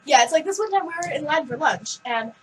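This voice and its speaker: A teenage girl chatting casually on a vlog, giggly and animated as she tells stories. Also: high voice, fast talker, distant mic, background noise. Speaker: vlog co-host. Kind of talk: casual chat.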